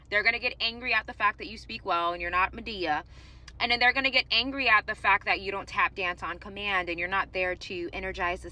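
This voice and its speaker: Woman, bright and forceful tone, vlog-style advice, hammers points home by repeating them. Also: medium pitch, poor audio. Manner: emphatic, repeats key lines for stress. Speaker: social media commentator. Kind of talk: casual direct-to-camera monologue.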